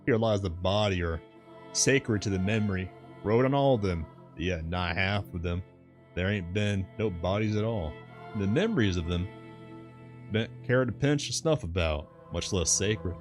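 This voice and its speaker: A man reading aloud brings to life a garrulous old sailor who rants in thick country dialect. The voice sits higher than the reader's own deep tone but keeps its weight. Faint background music plays under the storybook reading. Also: normal speed, close to an everyday voice. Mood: scornful. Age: older. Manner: thick rustic dialect, grumbling and scornful.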